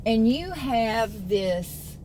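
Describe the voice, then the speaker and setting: Slow, chatty southern woman in her sixties. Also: on the high side, animated, warm tone, a little hiss or hum. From American South. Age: 60s. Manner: chatty, folksy, talks to viewers as y'all. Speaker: vlogger. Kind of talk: casual chat to camera.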